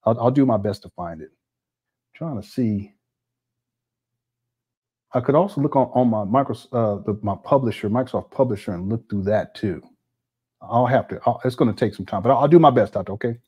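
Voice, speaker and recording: A man's voice: medium pitch, fairly quick, long pauses, mellow, husky. A man hosting a casual reaction commentary, rambling with many restarts and scornful asides. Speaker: commentary host.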